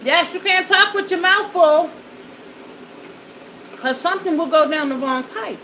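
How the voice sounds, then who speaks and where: A woman's voice: extremely high pitch, unhurried, background noise. A woman vlogger chatting folksily to her viewers while eating, at home in front of a backdrop and studio lights. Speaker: mukbang vlogger.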